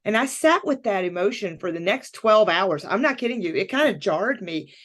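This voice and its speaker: Speaking at medium pitch and normal speed, a woman coach recounts something personal on a podcast. The conversation is candid, and she brings it to life by performing her inner monologue.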